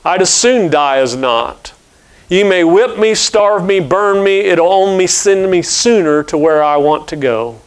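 A man voicing a calm, pious old enslaved man who speaks in an earnest, pleading way while reading a story aloud in a sermon. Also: a little high, unhurried, clean tone, natural voice. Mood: resolute.

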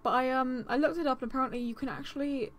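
A woman's voice: high-pitched, fairly even intonation, quick pace, a bit bright. A woman giving let's-play commentary, talking to herself in a fretful, anxious way while she plays. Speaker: gaming channel host.

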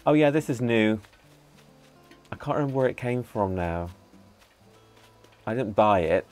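A man giving casual commentary while playing a video game, chatting to himself and to the characters with excitable bursts. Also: on the low side, measured pace, long pauses. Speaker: gaming channel host. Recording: faint background music.

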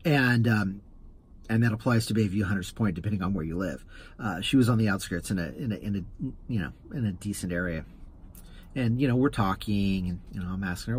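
A man's voice: fairly low pitch, brisk, a little hiss or hum. A man hosting his own vlog, telling a rambling story with stammering restarts. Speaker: rideshare driver and vlog host. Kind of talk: casual anecdotal vlog monologue.

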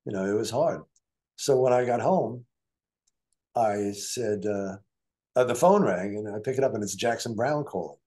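An older man with a lowish voice recounts stories from his career as a musician and producer in a casual interview, speaking at normal speed. He's an animated storyteller who acts out the voices he quotes.

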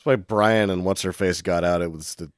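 A man co-hosting a podcast, theorizing about a movie with deadpan, dry jokes. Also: low voice, normal speed, clear, resonant tone, no room sound. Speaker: podcast co-host. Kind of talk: comedic movie discussion.

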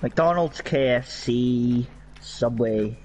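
A man's voice: medium pitch, very slow, a little mellow, a little hiss or hum, low-quality recording. A young Northern Irish man chatting casually while gaming, sweary and rambling. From Northern Ireland. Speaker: gaming streamer.

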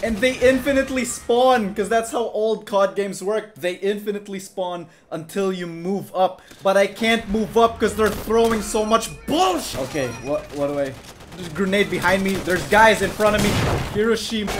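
A young man commentating his video game playthrough, joking and sarcastic and breaking into sudden shouts. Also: high voice. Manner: jokey, sarcastic, bursts into shouts. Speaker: gaming YouTuber. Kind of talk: gameplay commentary. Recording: clear music playing behind.

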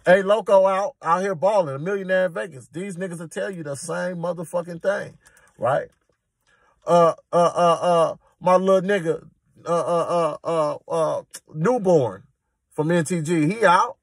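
Husky streetwise man telling a story. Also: sits high, moderate pace, no echo. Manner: streetwise, emphatic, slangy. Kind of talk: casual prison storytelling.

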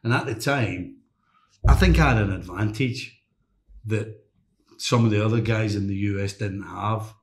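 A middle-aged man, a former footballer and coach, tells lively anecdotes as a guest on a casual chat podcast. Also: lowish voice, a little slow. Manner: anecdotal, lively, mimics others in quotes. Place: hotel room podcast set. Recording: roomy echo.

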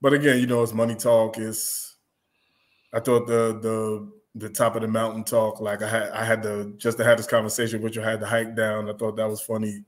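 A man's voice: lowish voice, flat delivery, fairly quick. A man co-hosting a casual chat, talking loosely, laughing often and trailing off mid-thought. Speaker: podcast co-host. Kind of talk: casual chat about rap.

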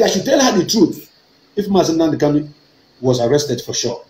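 Fervent Nigerian man with lively pitch. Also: a little fast, echoey room, low-quality recording. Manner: emphatic, repetitive, rising to fervent outbursts. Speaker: online activist broadcaster. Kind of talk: impassioned political talk.

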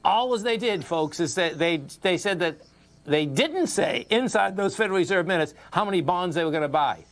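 Male radio host, Boston accent, a touch high-voiced, excitable, repetitive. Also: a little fast. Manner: excitable, repeats himself, talks straight to listeners. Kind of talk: financial radio talk.

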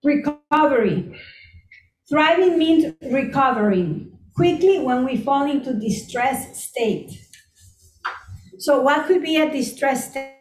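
Brief: middle-aged woman leading a group chat, high bright pitch, lively storyteller, roomy echo. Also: slow. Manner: animated, storytelling with lots of asides. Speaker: group discussion leader. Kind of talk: casual group talk. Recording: echoey room.

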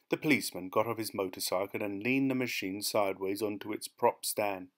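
A man reading a short story aloud as audiobook narration, in a measured, even manner. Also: on the low side. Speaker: audiobook reader. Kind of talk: scripted narration.

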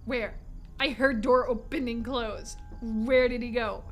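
Excitable woman streamer, bright sharp voice, laughs and cusses a lot while she plays. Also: fairly high pitch, takes it slowly, a little hiss or hum. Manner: excitable, laughing and swearing often; talks to herself and the chat. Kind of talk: live gameplay commentary.

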